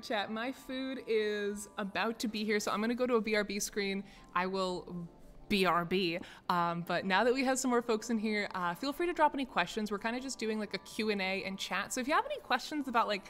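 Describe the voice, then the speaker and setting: A young woman chatting casually with viewers on a stream, rambling with lots of fillers and frequent laughter. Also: mid-range voice. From United States. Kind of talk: casual chat. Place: office.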